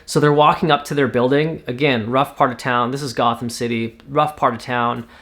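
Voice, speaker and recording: A man from Canada casually pitching a TV series, talking in a rambling way with lots of fillers. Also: fairly even intonation, moderate pace, a bit bright. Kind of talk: casual spoken story pitch.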